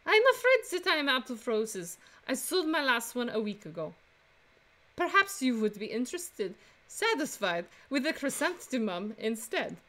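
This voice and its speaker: A woman's voice: fairly high pitch, big pitch swings, moderate pace, fairly bright tone. A woman voicing a poised young French flower-seller bird, with a put-on French accent and a composed, guarded manner.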